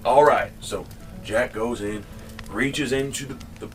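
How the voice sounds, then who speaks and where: A man spins a comic yarn in a loose, rambling way, restarting phrases and swearing now and then. His medium-pitched voice sits back from the microphone. Faint music plays underneath. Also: unhurried, recorded from a distance. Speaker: storyteller. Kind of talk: casual comedic storytelling.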